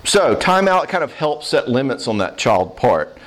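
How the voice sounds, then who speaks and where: A man giving a humorous marriage seminar talk, animated and often checking in with "all right?". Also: medium pitch, unhurried, slight background noise.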